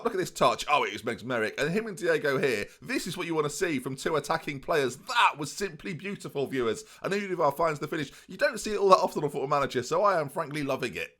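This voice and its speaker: A man's voice: a little high, a bit bright. A young man giving playful mock-commentary over a video game, often addressing his viewers. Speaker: gaming YouTuber.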